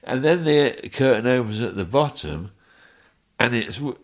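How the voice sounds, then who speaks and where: A man's voice: medium pitch, a little slow. A male guest on a podcast who tells funny stories, chuckling often as he talks. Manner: chuckling, animated storyteller. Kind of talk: anecdotal storytelling in a podcast interview.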